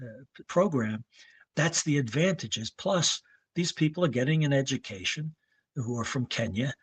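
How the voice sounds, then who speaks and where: A man in his seventies from New York State, a veteran running coach telling rambling, anecdotal stories and clearing his throat now and then. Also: a little high, dry recording. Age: 70s. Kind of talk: casual interview talk.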